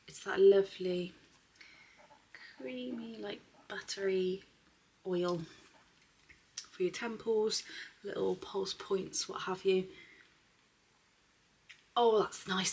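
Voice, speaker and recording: A woman chatting casually at home, swearing freely and slipping into soft, half-whispered asides. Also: mid-range voice, takes it slowly, long pauses, slightly rough. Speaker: beauty vlogger. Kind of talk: casual unboxing chat. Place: at home, indoors.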